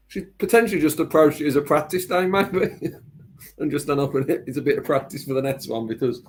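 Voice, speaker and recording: A man commentating live on darts, chatty and quick to laugh at himself. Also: medium pitch, a little mellow, a little hiss or hum, low-quality recording. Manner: chatty, laughs easily, joking.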